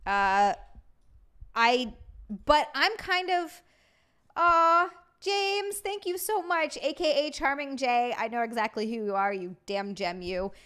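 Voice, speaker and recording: A young adult woman hosting a casual chat show, chatty and quick to laugh as she reads out viewer messages. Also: high voice, lively intonation, a bit bright, smooth. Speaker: host.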